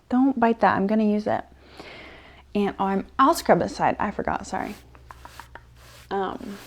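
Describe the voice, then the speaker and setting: A young woman rambling through a personal story in ASMR role-play, with plenty of fillers. She swings between soft, close murmurs and animated bursts. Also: mid-range voice, normal speed, long pauses. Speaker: ASMR creator.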